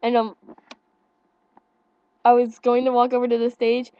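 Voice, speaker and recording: Quiet awkward teen girl telling her story, highish voice, dry muffled webcam. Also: monotone, unhurried, no echo. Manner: shy, awkward, soft-spoken. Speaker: friend of the vlogger. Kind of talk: casual storytelling.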